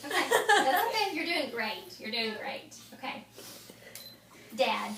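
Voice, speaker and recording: A woman working as an audiologist, calmly giving instructions and gently reassuring her patient with short repeated phrases. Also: a little high, slow pace. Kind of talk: calm clinical instructions. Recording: echoey room, mic at a distance, background noise.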